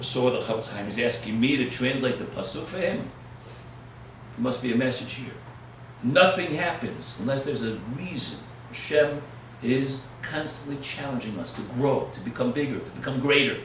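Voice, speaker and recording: A man giving a sermon as a rabbi, telling a story, swinging from hushed asides to loud, emphatic peaks. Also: mid-range voice, slight background noise. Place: lecture hall. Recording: echoey hall, from far off.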